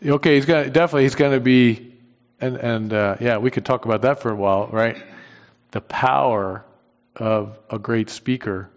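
A man's voice: mid-range voice, moderate pace. A man teaching a Bible study class in a conversational way, thinking aloud with frequent restarts and putting questions to the class. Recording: dull lo-fi recording in a reverberant hall.

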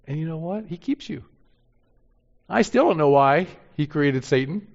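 Gravelly-voiced male preacher, lo-fi. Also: a little high, expressive, normal speed. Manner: earnest, rising to emphatic peaks then dropping soft. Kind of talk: sermon. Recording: dull lo-fi sound.

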